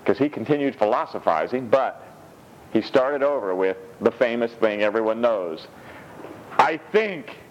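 A man preaching a sermon in a lively, humorous way, laughing often and slipping into high mock voices when he quotes scripture. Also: normal speed, lo-fi sound, a little hiss or hum. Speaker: pastor.

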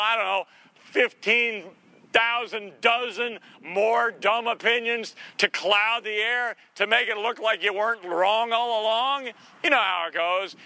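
A man with a high, very bright voice preaches in a loose, chatty way. He is sarcastic and folksy, and he slips into playful voices now and then to make his point. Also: dry recording. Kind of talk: conversational sermon.

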